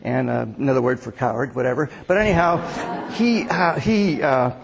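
A man's voice: medium pitch, moderate pace, creaky. A man in his sixties giving a casual sermon as a pastor, telling stories with lots of restarts. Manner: chatty storytelling with many restarts. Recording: echoey hall reverb.

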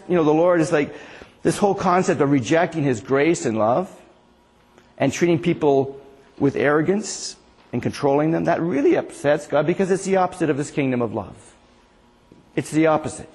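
A man preaching a sermon in an earnest, chuckling way, quoting Jesus in a gentle pleading voice. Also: a little high, long reverb tail.

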